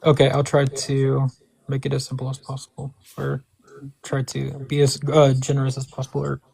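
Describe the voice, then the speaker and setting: Gravelly guy mumbling through a debate, flat delivery, halting and wordy. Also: medium pitch, low-quality recording. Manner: hesitant, wordy, soft-spoken. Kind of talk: online debate. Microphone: call mic.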